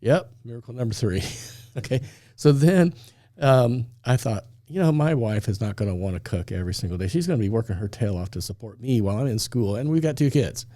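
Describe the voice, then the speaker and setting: Male storyteller, talk-show regular; lively, acts out every line, warm mellow tone, dry studio. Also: mid-range voice, a little fast, no echo. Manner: animated storyteller, acts out dialogue, laughs often.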